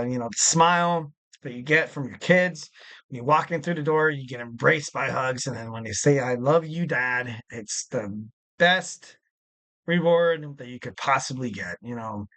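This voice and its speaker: A man's voice: on the high side, a bit bright. A man in his thirties hosting a casual solo podcast, rambling with lots of "you know" fillers. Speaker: podcast host.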